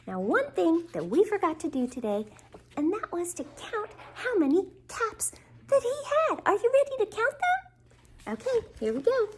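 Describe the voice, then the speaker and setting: A woman teacher reading a children's story aloud, expressive and asking the young listeners questions. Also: very high-pitched, moderate pace, slight background noise.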